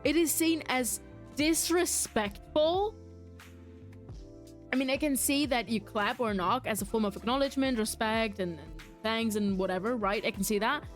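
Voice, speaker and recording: A young adult woman streams a game, rambling casually, reading her chat aloud, answering viewers and laughing often. Her voice is a little high and her pace normal, with soft background music.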